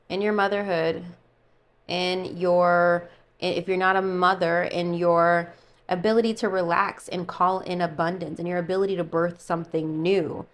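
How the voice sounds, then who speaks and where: A woman's voice: on the low side, level tone, moderate pace. A woman doing a casual tarot reading for her channel, musing aloud and chatting while she pulls cards. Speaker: tarot reader.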